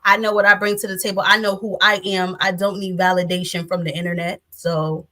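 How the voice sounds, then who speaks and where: A woman's voice: on the low side, flat delivery, brisk, bright, forceful tone. A woman in her thirties talking bluntly and profanely as an interview guest, often laughing. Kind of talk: casual interview chat.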